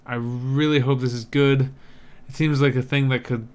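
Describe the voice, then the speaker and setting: A man with a smooth, clear voice talks through movie trailers in an easygoing, wry way. He muses thoughtfully and keeps the tone relaxed, as a co-host in a casual chat. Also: mid-range voice, normal speed. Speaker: podcast co-host.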